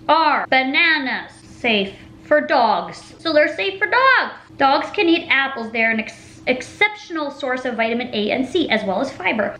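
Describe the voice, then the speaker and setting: A young woman talks to her camera in a loose, rambling way, her speech full of "like" and "literally". Her voice sits a bit high, and the room around her echoes. A faint hum runs underneath. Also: sharp tone. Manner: rambling storytelling, lots of "like" and "literally". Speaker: vlogger. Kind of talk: casual chatty mukbang vlog. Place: home room with a table.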